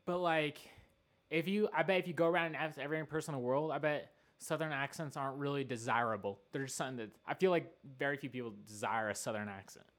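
A man's voice: mid-range voice, fast talker, fairly bright tone. A man co-hosting a casual chat show, rambling and giggly, saying "like" constantly. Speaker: podcast co-host.

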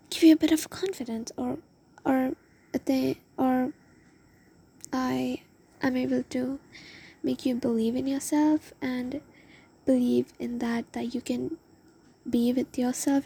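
A woman's voice: high-pitched, vocal fry, warm tone, husky. A young woman telling a rambling, emotional story in a confessional vlog, often dropping into a whisper. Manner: rambling, emotional, lots of "oh my God". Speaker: vlogger.

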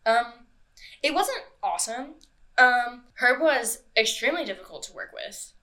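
A woman hosting a casual true-crime podcast, chatty and quick to swear and laugh. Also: fairly high pitch, animated, bright, forceful tone. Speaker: podcast host.

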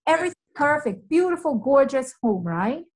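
A woman's voice: high voice, big pitch swings, moderate pace, poor audio. A middle-aged woman, a family friend, talking emphatically in casual conversation and repeating her points for weight.

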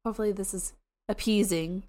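A young woman from the United States co-hosting a podcast, chatting casually and excitedly with quick asides and frequent laughs. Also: mid-range voice. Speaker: podcast co-host. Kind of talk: casual chat.

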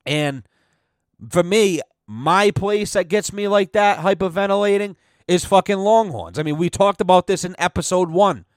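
A man's voice: high-pitched, moderate pace, dry recording, studio quality. A young man hosting a podcast, telling rambling comic stories in a casual, profane monologue. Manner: profane, rambling, animated storytelling. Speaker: podcast host.

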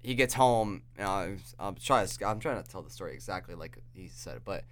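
A man's voice: deep voice, animated, fairly quick. A young man hosting a podcast, telling a story in a rambling, profane way full of restarts. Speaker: podcast host. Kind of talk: casual chat, storytelling.

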